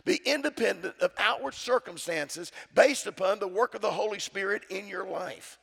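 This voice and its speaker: A man's voice: high voice, normal speed, creaky, a bit bright. A middle-aged man preaching a sermon, calling out to his congregation for responses. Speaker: pastor. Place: church sanctuary. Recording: church sound with long reverb.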